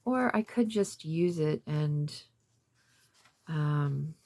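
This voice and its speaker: A woman's voice: low-pitched, expressive, extremely slow, a little mellow. A woman in her fifties chatting casually about a craft haul, rambling with lots of fillers. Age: 50s. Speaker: craft vlogger. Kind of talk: casual show-and-tell of a thrift haul.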